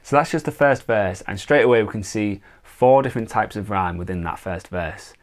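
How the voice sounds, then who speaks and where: A man teaching songwriting in a relaxed, step-by-step way, with frequent fillers. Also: lowish voice, normal speed. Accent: non-American English. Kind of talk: casual explanatory lesson.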